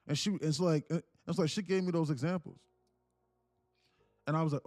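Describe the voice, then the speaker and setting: A man's voice: a little high, brisk, a little mellow, dry recording, studio quality, soft background music. A man hosting a trading livestream, telling a personal story casually, emphatic and repetitive with many restarts.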